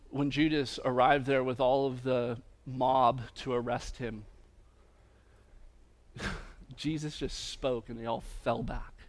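A man preaching a sermon as a pastor, using repeated refrains and swinging between loud emphatic lines and hushed quiet ones. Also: mid-range voice.

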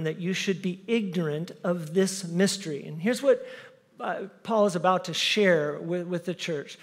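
A man with a high voice preaches in a church, and his words trail off into a long reverb. He is an animated storyteller who breaks into the voices of the people in his anecdotes. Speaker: pastor. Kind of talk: sermon with personal story. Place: church sanctuary.

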